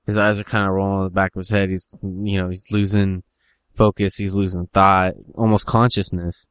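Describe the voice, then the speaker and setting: Male storyteller, low voice, meandering delivery, dry recording. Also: flat delivery, moderate pace, a bit bright, smooth, dry recording. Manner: rambling, full of fillers. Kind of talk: casual storytelling chat.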